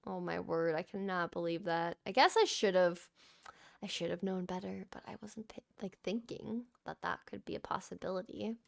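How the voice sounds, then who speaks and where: A young woman giving relaxed, chatty commentary over her gameplay, easily surprised and cooing at the animals. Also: fairly low pitch, normal speed, gravelly. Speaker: gaming channel host. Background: soft background music.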